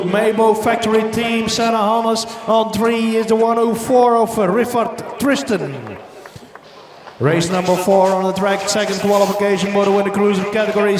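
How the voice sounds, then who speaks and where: A man announcing a BMX race live, calling riders in several languages with frequent hesitations. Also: high-pitched. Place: outdoor BMX race track. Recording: echoey PA sound heard from far off, crowd noise.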